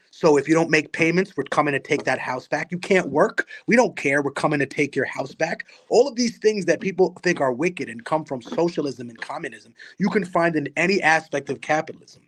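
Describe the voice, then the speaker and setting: A man's voice: a little high, normal speed, a bit bright. Passionate, blunt man from Peru. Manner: passionate, storytelling, blunt and profane. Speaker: guest, rapper and activist. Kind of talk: casual podcast conversation.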